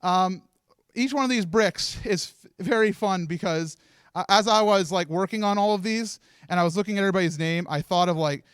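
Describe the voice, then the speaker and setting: A man's voice: sits high, a little fast, smooth, no echo. A man hosting a live charity event, nervously rambling and laughing as he hands out awards, with faint music behind him. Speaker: host handing out awards. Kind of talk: emotional live event speech. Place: live stream event room.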